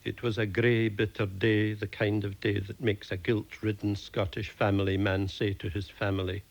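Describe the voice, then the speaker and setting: A man reading his own comic short stories aloud in a dry, deadpan manner. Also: lowish voice, normal speed, hardly any pauses. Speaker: storyteller.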